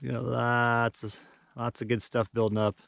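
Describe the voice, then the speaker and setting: A man casually narrating an outdoor camping vlog in the snow, relaxed and rambling, with plenty of fillers. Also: mid-range voice, normal speed, vocal fry, slight background noise. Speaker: vlogger. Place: snowy backcountry camp outdoors.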